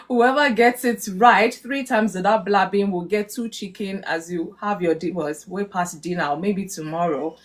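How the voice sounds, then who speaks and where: A woman hosting a live online chat about marriage, teasing her guests playfully and closing in an earnest, prayerful tone. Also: medium pitch. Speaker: host of a live marriage talk. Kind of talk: casual live-stream chat.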